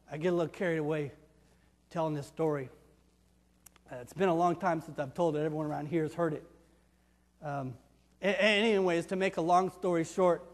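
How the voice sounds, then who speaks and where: A pastor playing a rough, streetwise ex-criminal in a sermon monologue, with coarse, colloquial talk that swings from loud outbursts to hushed tones. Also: male voice, on the high side, lightly acted. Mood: folksy. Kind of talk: first-person dramatic monologue in a sermon. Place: church. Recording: reverberant church sanctuary with faint music.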